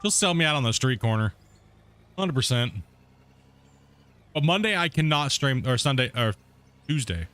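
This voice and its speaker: A man's voice: mid-range voice, expressive, moderate pace, long pauses, fairly bright tone. A man streaming a game from home, chatting casually with viewers and people in the house, laughing often. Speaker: gaming streamer. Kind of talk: casual live-stream chat.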